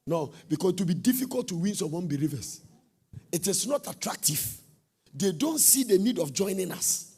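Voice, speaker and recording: A middle-aged man preaching a sermon, swinging from soft, low talk to shouted, sing-song bursts. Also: sing-song, normal speed, slightly rough.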